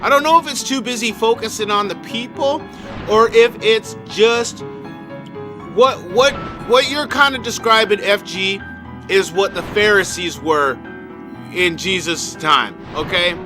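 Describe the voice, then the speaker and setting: A high-voiced man chats casually on a gaming stream, rambling in an animated way and swearing freely. Video game music plays clearly behind his voice. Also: unhurried. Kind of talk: casual livestream chat while gaming.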